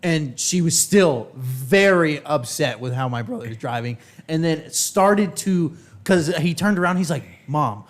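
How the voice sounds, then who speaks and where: A podcast host with a slightly high voice, telling stories in a loose, animated way. He swears freely as he talks. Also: a little slow. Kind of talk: casual storytelling chat.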